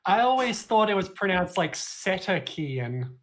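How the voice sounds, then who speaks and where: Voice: medium pitch, moderate pace, fairly bright tone. A speaker with an Australian accent chatting casually and joking as a guest on a podcast. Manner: joking, laid-back storytelling.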